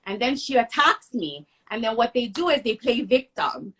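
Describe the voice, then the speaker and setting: A woman from Hawaii, a guest telling a personal story in an animated, emphatic conversational way. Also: fairly high pitch, moderate pace, few pauses, husky. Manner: emphatic, acts out others' lines in the story.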